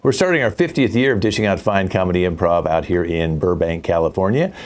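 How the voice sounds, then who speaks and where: A man's voice: low-pitched, expressive, brisk. An older man hosting a live online improv show, joking with dry asides and rambling a little. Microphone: video call mic.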